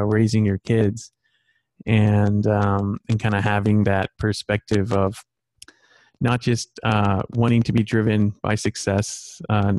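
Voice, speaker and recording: A man's voice: on the low side, darkish tone, dry recording. A man in his thirties hosting a casual podcast chat over a video call, rambling with many fillers and restarts. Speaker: podcast host.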